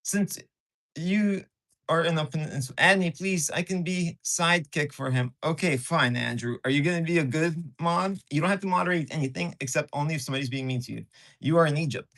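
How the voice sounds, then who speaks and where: Excitable man chatting to his stream. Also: on the high side, a little fast. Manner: excitable, jumpy, teasing, answers chat messages aloud. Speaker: live streamer. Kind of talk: casual live-stream chat with viewers. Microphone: camera on a tripod.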